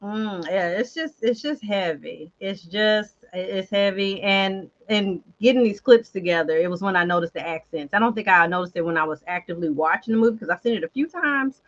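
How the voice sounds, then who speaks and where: A woman hosting a casual chat show, animated and chatty, talking straight to her viewers. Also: mid-range voice, fairly quick, few pauses, dull audio. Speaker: host.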